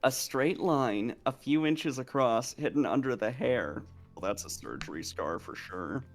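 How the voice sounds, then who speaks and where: A man's voice: medium pitch, animated, unhurried, soft background music. Giggly, rambling male storyteller. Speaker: co-host on a stream. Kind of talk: casual anecdote-telling.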